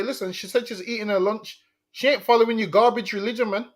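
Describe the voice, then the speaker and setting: A man's voice: extremely high pitch, moderate pace. A man co-hosting a casual commentary talk show, blunt and emphatic, often repeating his points. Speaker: co-host.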